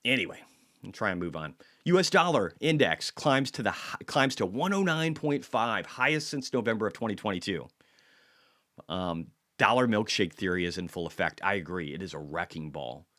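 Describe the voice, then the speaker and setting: A man's voice: on the low side, lively intonation, normal speed, fairly bright tone. A man hosts an informal video about stocks and the economy. He speaks bluntly and swears freely, sometimes stopping to apologize for drifting off topic. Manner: blunt and profane, apologizes for tangents. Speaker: market commentary host. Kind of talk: casual market commentary vlog.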